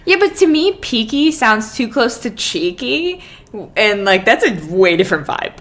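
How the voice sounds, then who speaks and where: A woman's voice: fairly high pitch, unhurried. A woman co-hosting a podcast in casual chat, telling stories animatedly and acting out quotes. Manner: animated storytelling, acts out quotes. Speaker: podcast co-host.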